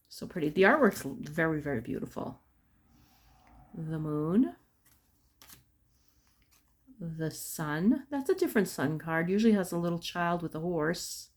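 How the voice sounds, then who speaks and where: A woman in middle age talks her way unhurriedly through a tarot deck, dropping to soft murmurs as she names each card. Her voice sits a little low, and she lingers over each picture with quiet admiration. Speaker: tarot unboxing vlogger. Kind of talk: casual unboxing chat.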